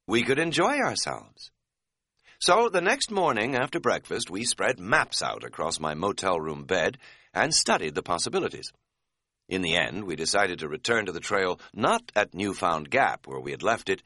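A man narrating an audiobook in a wry, deadpan way. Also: lowish voice, no echo, studio quality.

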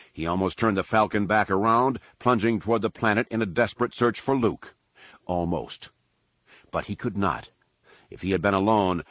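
A man with a low voice narrates an action story in a measured, dramatic reading. The recording is dry and close, with almost no room sound. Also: no room sound. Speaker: audiobook narrator. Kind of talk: scripted narration.

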